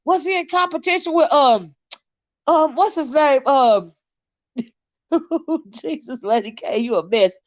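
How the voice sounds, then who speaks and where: High-voiced laughing woman livestream host. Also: lively intonation, unhurried, pauses often, no room sound, muffled recording. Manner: laughs often, teases her chat, sidetracked and rambling. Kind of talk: casual live-stream chat reading viewer comments.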